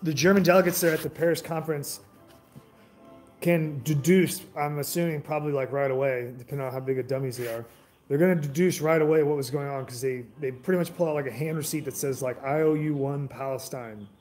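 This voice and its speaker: A man's voice: fairly high pitch, fairly even intonation, quick pace, a little mellow, soft background music. A man giving a casual, rambling history talk, loose and profane, full of filler words and restarts.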